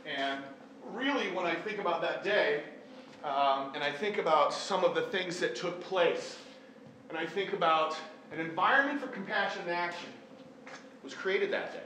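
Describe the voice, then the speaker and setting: Speaking at a moderate pace, this middle-aged teacher has a fairly high, fairly bright voice as he shares a personal story with a live audience in an earnest, self-mocking manner. He is also an event speaker, and the sound carries the echo and faint background noise of a big hall.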